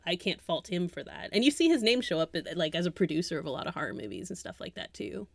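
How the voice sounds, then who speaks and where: A woman co-hosting a podcast, chatting casually about films, animated and often laughing as she trails off into asides. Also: lowish voice, fast talker, creaky, no echo. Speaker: podcast co-host. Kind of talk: casual film chat.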